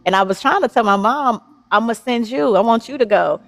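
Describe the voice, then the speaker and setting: A woman's voice: fairly high pitch, lively intonation, brisk. A woman hosting a casual, heartfelt chat, affirming her guest and laughing often, with speech. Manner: warm, affirming, laughs often, Southern Black American vernacular. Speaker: host.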